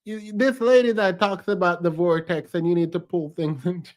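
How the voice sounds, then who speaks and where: A man's voice: sits high, steady tone, a little fast. A man giving casual, sassy reaction commentary on a clip. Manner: sassy, chatty, calls the speaker "girl".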